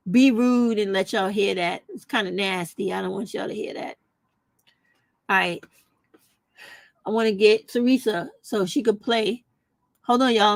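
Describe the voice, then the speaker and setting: A woman's voice: mid-range voice, no echo. A woman vlogger in casual chat, talking straight to her viewers and calling them y'all. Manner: chatty, addresses viewers as y'all. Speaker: vlogger reacting to a video.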